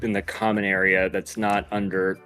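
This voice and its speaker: A man's voice: deep voice, little pitch movement, normal speed, sharp tone, clear, resonant tone, soft background music. Sarcastic podcast co-host man. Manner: sarcastic, critical. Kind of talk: casual chat.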